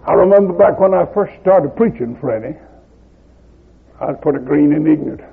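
A man preaching a sermon in a high, heavily gravelly, raspy voice, swinging wildly in pitch from quiet, folksy storytelling to shouted, fiery peaks. His plain country grammar carries the tale. The recording is tinny and lo-fi, like an old phone-line tape. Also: animated, normal speed.

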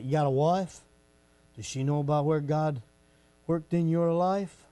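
A pastor who moves between folksy, chatty storytelling and shouted preaching. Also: male voice, a little high, measured pace. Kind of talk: sermon.

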